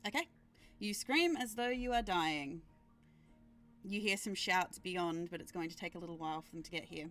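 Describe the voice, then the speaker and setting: Calm woman game master, lower voice. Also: normal speed, soft background music. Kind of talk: narrating a tabletop game.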